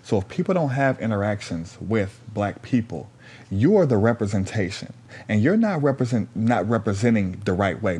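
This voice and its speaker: A man telling a story in a casual, animated way, full of slang and profanity, repeating lines for emphasis. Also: lowish voice, moderate pace, husky.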